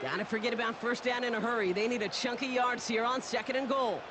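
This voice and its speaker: An actor playing a video game's play-by-play football commentator with a measured broadcast delivery. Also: male voice, very high-pitched, steady tone. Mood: steady. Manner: measured broadcast delivery, rising on big plays. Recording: in-game audio under a stream with loud crowd and noise.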